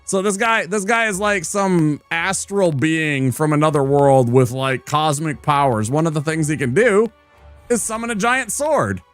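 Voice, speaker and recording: A man's voice: a little high, expressive, measured pace, a bit bright, soft background music. A man streaming and commenting on a game in a playful, teasing, chatty manner. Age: adult. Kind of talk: casual gameplay commentary.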